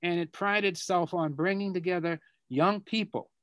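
An older man from Boston with a Boston accent, a guest speaker answering students' questions over a video call, reflective and halting, often repeating words as he searches for them. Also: high-pitched, steady tone, fairly bright tone, clear, resonant tone, no echo.

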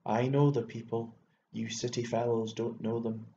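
A fussy old bachelor, voiced by a male reader, rattles on in an exclamatory, rambling way, tripping over words when he gets worked up. The delivery stays flat and mellow. The audiobook recording sounds roomy and dull, with a faint hiss beneath. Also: mid-range voice, normal speed, natural voice. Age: older. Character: fussy elderly male bachelor landowner, excitable.

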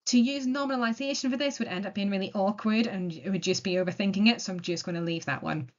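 A woman teaching an essay-writing lesson, explaining step by step in a clear, methodical and encouraging way. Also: mid-range voice, quick pace. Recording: dull lo-fi sound.

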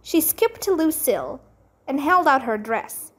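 A woman reading a children's chapter book aloud in a gentle, expressive way. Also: high voice, a little slow. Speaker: storybook reader.

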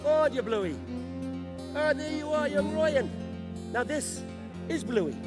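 A man's voice: extremely high pitch, lively intonation, takes it slowly, full character voice. A man playing Dan, a jealous station hand who mocks the newcomer. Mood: hearty. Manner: mocking, sarcastic. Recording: live arena show, long reverb, faint music.

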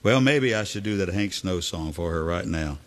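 A man's voice: low-pitched, lively intonation, moderate pace. A man, a singer and guitarist hosting a live music stream, telling a story between songs in a folksy, chuckling way. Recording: with loud guitar music behind.

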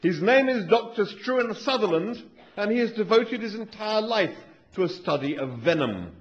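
A man, giving a humorous live talk on stage with dry, wry, deadpan asides. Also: high voice, normal speed, slightly rough. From England. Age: 40s. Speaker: author giving a live reading. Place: lecture hall with an audience. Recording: dull lo-fi live recording with faint noise.

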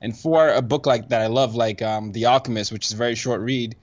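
A man speaks as a podcast guest, eager and quick to laugh, often restarting his sentences. His voice sits at an ordinary pitch. The audio is dull and lo-fi, like a remote call. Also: fairly even intonation. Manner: enthusiastic, frequent restarts and laughs. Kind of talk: casual conversation. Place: New York.

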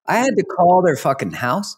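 A man's voice: high voice, very animated, moderate pace, slightly rough. Candid man hosting a podcast. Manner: loose and candid, swears casually. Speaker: podcast host. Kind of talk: casual podcast conversation.

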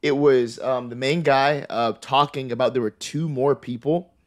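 A man running a tabletop horror game as game master, narrating in a relaxed, conversational way with fillers. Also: mid-range voice, moderate pace.

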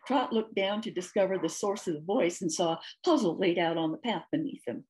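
A woman's voice: on the low side, a little fast, hardly any pauses. Woman reading a storybook aloud. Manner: steady narrating, occasional slips. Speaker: author reading her story.

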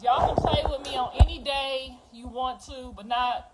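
A woman's voice: high-pitched, fairly even intonation, moderate pace, heavy background noise. Raw, profane middle-aged woman venting. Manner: raw, profane, confessional, swings from quiet to loud. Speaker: mother speaking out. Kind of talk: emotional monologue to viewers.

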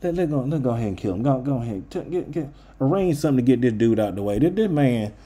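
A man's voice: mid-range voice, expressive, fast talker, warm tone, voice pushed down, natural voice. A man putting on a sneering, scheming temple leader. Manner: sarcastic, slangy, wheedling then plotting. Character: scheming, greedy male temple leader mocking Jesus.

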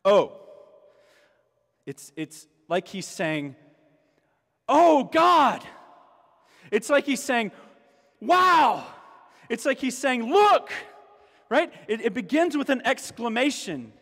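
A man's voice: very high-pitched, sing-song, normal speed, hardly any pauses, in a large hall. A man preaching a sermon as a pastor, emphatic, repeating key phrases and rising to exclamations. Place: church sanctuary.

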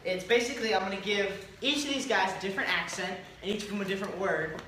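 A woman hosting and judging a casual party game, announcing rounds in a brisk, deadpan way. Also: mid-range voice. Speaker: game host and judge. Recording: echoey room, distant mic, background noise.

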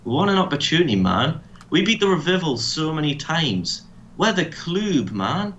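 A man's voice: on the high side, sing-song, moderate pace, a bit bright, muffled recording, a little hiss or hum. A man voicing a group of aggrieved male wrestlers who whine about being left out.

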